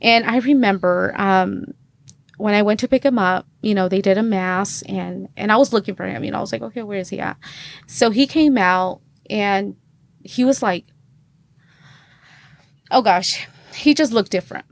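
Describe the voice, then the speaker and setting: A woman's voice: medium pitch, normal speed, creaky. Woman in her thirties telling her story. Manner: chatty, acts out quoted dialogue, many fillers. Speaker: podcast guest. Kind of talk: personal testimony in casual conversation.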